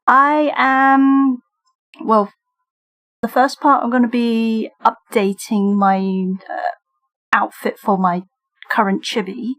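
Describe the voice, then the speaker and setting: A woman's voice: on the high side, steady tone, slow pace, fairly bright tone. A British woman streamer chatting casually with her viewers while she draws, often breaking into giggles. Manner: giggly, talks while drawing and reading chat. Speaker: streamer and digital artist. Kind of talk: casual livestream chat.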